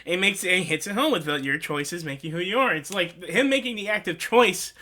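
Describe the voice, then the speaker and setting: A man with a high, bright voice talks through his favorite films in a loose, rambling vlog. He says "like" constantly and wears his feelings openly. His tone stays earnest and sincere. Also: fairly quick. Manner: rambling, heavy use of "like", earnest and emotional. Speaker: host. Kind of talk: casual movie review vlog.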